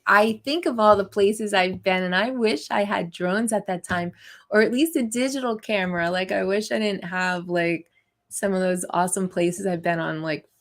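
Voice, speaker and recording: A woman hosting a live stream, chatting casually with viewers and laughing often. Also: medium pitch. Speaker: livestream host. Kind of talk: casual live chat reading viewer comments.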